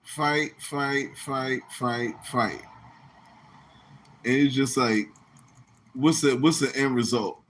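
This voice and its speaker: Bright-voiced man ranting on a podcast. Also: takes it slowly, long pauses, a little hiss or hum. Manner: animated, laughs often, mimics others in high shouting voices. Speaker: podcast host. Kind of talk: casual ranting monologue.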